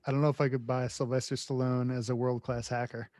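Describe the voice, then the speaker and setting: A man's voice: mid-range voice, flat delivery, quick pace, darkish tone, no room sound, clean studio sound. A man co-hosting a podcast, casually questioning and riffing on movies with stammered repeats. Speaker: podcast co-host.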